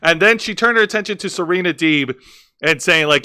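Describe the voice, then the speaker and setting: A man's voice: a little high, a little fast, bright, forceful tone, clear, resonant tone. A man co-hosting a wrestling podcast, recapping segments with many fillers and restarts. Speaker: co-host. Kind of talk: casual wrestling review chat.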